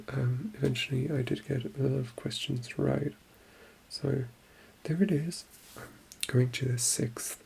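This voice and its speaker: A soft-spoken ASMR voice that murmurs and keeps sinking into a whisper, heavy with vocal fry and sitting low and flat in its melody. Words come slowly, repeated under the breath as if practicing alone. The tone stays dark and mellow throughout. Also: a little hiss or hum. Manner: murmured, often dropping to a whisper. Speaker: ASMR creator.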